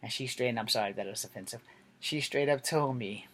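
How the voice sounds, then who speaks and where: A man's voice: medium pitch, quick pace, fairly bright tone. A man telling a personal story to the camera in a candid, rambling way, swearing freely as he goes. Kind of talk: casual storytelling monologue.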